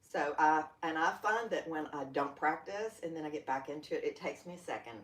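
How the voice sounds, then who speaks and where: Older Southern woman leading gentle yoga. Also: deep voice, lively intonation, brisk. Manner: folksy, chatty, playful asides. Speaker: yoga instructor. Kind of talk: guided yoga class. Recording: roomy, from a distance off-mic.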